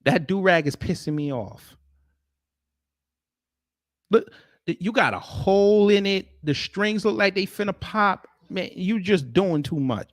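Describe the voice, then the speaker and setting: A man's voice: high-pitched, lively intonation, unhurried, pauses often, no echo, clean studio sound. A man hosting a livestream, ranting at and mocking the clips he reacts to. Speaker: livestream host.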